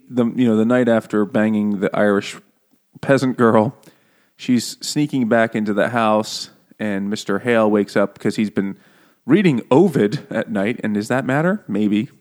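A man's voice: lowish voice, measured pace, a little mellow. A man co-hosting a book club podcast in casual chat, joking, swearing freely and laughing often.

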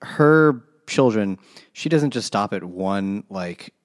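A man's voice: lowish voice, lively intonation, slow pace. A man casually discussing a novel with a friend, dropping dry, wry asides.

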